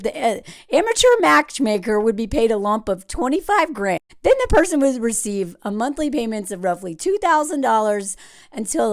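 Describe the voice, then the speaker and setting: Sarcastic woman with a lively, bouncing voice. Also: fairly high pitch, dry recording, studio quality. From United States. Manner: sarcastic, riled-up, emphatic. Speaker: dating commentator. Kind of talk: opinionated commentary vlog.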